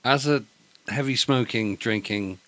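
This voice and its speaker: A man's voice: medium pitch, a little slow, fairly bright tone. A British man co-hosting a casual podcast, teasing his friends with dry put-downs. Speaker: podcast co-host. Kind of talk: casual chat.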